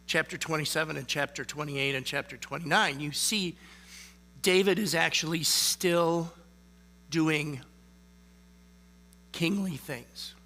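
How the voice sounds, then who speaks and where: A man delivers a relaxed, chatty sermon, often pausing to ask "okay?". His voice sits a little high and sounds bright and forceful. A faint electrical hum runs beneath the recording. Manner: conversational, frequent "okay?" check-ins. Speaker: lay preacher. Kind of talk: casual sermon.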